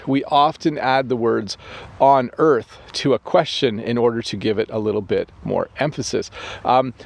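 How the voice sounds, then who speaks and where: A man teaching English expressions, explaining them patiently with everyday examples and frequent fillers. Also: mid-range voice. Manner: patient, steady, lots of fillers.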